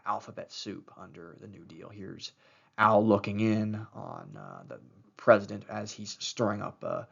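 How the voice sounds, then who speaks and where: A man's voice: fairly low pitch, gravelly, dull audio. A man giving a recorded history lecture over slides, talking loosely with many fillers and restarts.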